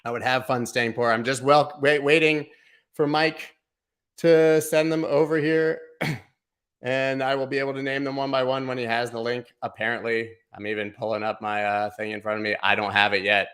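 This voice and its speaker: A man's voice: level tone, normal speed, fairly bright tone, smooth. Casual male livestream host. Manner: playful, breaks into a booming sports-announcer voice.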